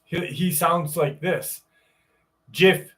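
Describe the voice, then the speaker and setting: Slightly high and a little slow, the man's voice has a fairly bright tone and sits a bit distant from the mic. He's from upstate New York and hosts a live stream, bantering casually with plenty of swearing and then reading a story aloud.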